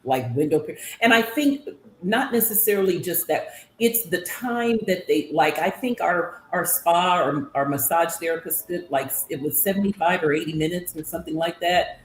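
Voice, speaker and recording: A woman, a guest in an interview, answering hesitantly with many pauses and restarts. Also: fairly low pitch, animated. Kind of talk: casual conversation. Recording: echoey room, faint noise.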